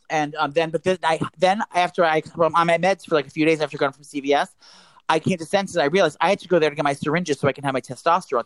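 A man's voice: on the high side, dry recording. A man telling a rambling, profane story as a podcast co-host. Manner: rambling, profane, animated retelling. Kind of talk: casual storytelling chat.

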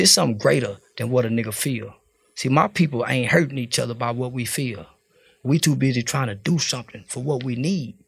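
A man's voice: mid-range voice, gravelly, dry recording. A middle-aged man from Texas, talking bluntly and profanely as a podcast guest. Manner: blunt, profane, preacher-like storytelling. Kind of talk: casual interview talk.

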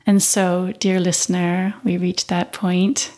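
A woman hosting a spiritual podcast, talking in a calm, gentle, reflective way and easing into soft guided-meditation delivery. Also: on the low side, slow. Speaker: podcast host and spiritual coach. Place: home in Spain.

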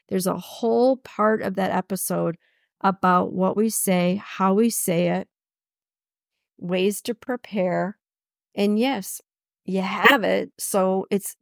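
A woman's voice: mid-range voice, creaky, no echo, clean studio sound. A middle-aged woman hosting a personal podcast, talking emphatically, repeating her key phrases and laughing often. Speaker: podcast host. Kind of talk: personal solo podcast talk.

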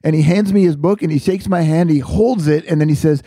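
Sex: male. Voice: mellow, dry. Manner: relaxed. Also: a little high, fairly quick, no echo. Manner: relaxed, agreeable, laughs along. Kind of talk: casual conversation.

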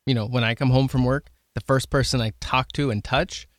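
Halting male host, thinking aloud. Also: medium pitch, fairly even intonation, no echo, clean studio sound. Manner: thoughtful, halting, repeats words. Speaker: podcast host. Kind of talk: casual interview conversation.

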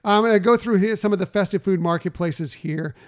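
Male podcast host with a high voice, casual chat, reading lists with easy fillers. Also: fast. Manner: reads out long menu lists with fillers and restarts.

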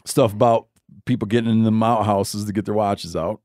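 A man's voice: lowish voice, fairly even intonation, moderate pace, darkish tone, no room sound. A man hosting a podcast in casual chat, rambling and often restarting his sentences. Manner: rambling, self-interrupting storyteller. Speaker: podcast host. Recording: dry close studio mic.

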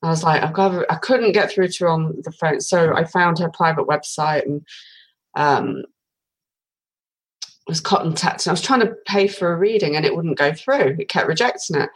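A woman from Britain in her forties tells a long story as a podcast guest, full of ums and restarts. Her voice sits a little low. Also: normal speed, slightly rough, rough recording. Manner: chatty storytelling with many fillers. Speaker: guest, tarot reader. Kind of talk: casual podcast interview.

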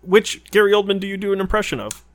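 A man in his thirties co-hosting a podcast, chatting casually with quick teasing banter. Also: high voice, expressive, a bit bright. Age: 30s. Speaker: podcast co-host. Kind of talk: casual chat.

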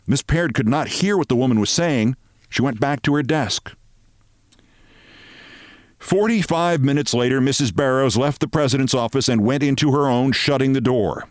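A male podcast host reading a short story aloud with expressive storytelling. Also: mid-range voice, normal speed, dry recording, studio quality. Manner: expressive storytelling, shifting voices.

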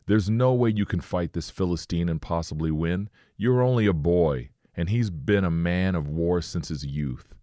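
A man's voice: low-pitched, normal speed, few pauses, mellow, no room sound, clean studio sound, close to an everyday voice. A man voicing a doubtful, dismissive king while reading scripture aloud. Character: doubtful old king, dismissive then resigned.

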